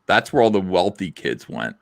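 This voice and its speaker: A rambling, profane man from hosts a live stream, reading chat out loud. His voice sits lowish and swings up and down a lot. The sound is dry and close. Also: big pitch swings, moderate pace, dry recording. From South Jersey, USA. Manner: rambling, profane, lots of fillers.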